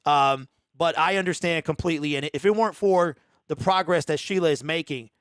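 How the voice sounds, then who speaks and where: A man hosting a call-in show in a casual, rambling way, calling the caller "man" again and again. His voice sits a bit high for a man. The sound is dry and close. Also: brisk, clean tone, dry recording. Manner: loose, repeats himself, says "man" a lot. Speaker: host of a fan call-in show.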